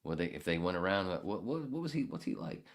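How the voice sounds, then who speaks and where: A man hosting a podcast who rants angrily and sarcastically, swearing heavily and swinging from mutters to shouts. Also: deep voice, very animated, brisk. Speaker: podcast host. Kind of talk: ranting monologue.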